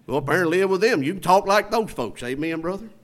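A high-voiced Southern US preacher with a bright, ringing tone. He swells loud and slow to press a point, then drops low and soft, calling out for amens along the way. Call-and-response sermon delivery. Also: expressive. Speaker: pastor.

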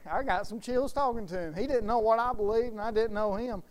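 A man preaching an informal sermon in a folksy, animated storytelling manner. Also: high voice, a little fast, hardly any pauses.

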